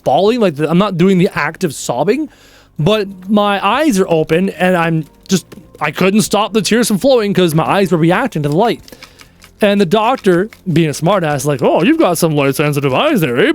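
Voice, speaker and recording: A man in his thirties with a fairly high voice talks to his stream chat in a loose, chatty way. He tells stories with animated energy and picks up viewer questions as they come. Soft music sits faintly under his voice. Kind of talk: casual live-stream chat.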